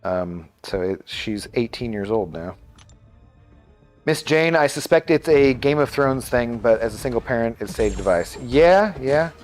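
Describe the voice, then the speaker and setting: A man's voice: medium pitch, animated, a little slow, a little mellow, faint music behind. A man in his thirties, a live streamer chatting casually and rambling as he answers viewer messages.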